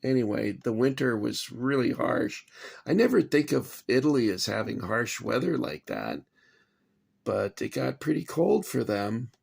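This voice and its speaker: A man talks slowly, with a gravelly, creaky voice. He rambles at home in a casual vlog, agitated, swearing and then apologizing. His pitch sits in an average range. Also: very animated, a little mellow. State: shaking after anger. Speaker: toy collector vlogger. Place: home kitchen.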